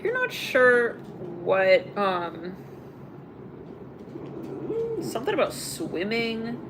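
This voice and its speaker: A woman's voice: on the high side, sing-song, extremely slow, noisy background. A young woman doing a casual live tarot reading, rambling and blunt, full of filler words and swearing. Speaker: tarot reader.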